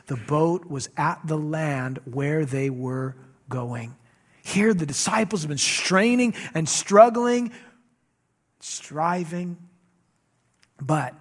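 A man preaching a sermon, telling a Bible story with lively acted-out dialogue. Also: on the high side. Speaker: pastor.

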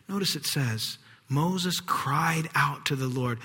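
Animated preacher man in a reverberant hall. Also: a little high, moderate pace, husky. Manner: animated, acts out quoted voices, drops to hushed whispers. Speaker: pastor. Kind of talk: sermon.

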